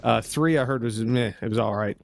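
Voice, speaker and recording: A man's voice: mid-range voice, brisk, creaky. A man casting an esports match, rambling into joking asides between plays. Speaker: esports caster. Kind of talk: casual game commentary banter.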